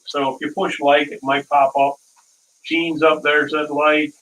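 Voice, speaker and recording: A man's voice: on the high side, little pitch movement, measured pace, a bit bright. A man hosting a casual live cooking stream, rambling through stories and chuckling at his own dad jokes, from a distant mic.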